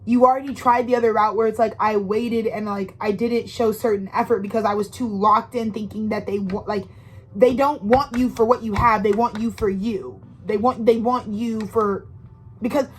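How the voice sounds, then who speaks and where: Brief: woman tarot reader, fairly high voice, slangy and profane, rambling direct address, faint noise behind. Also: steady tone, moderate pace, rough recording. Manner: rambling, emphatic and profane, with frequent restarts. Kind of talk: casual tarot reading monologue.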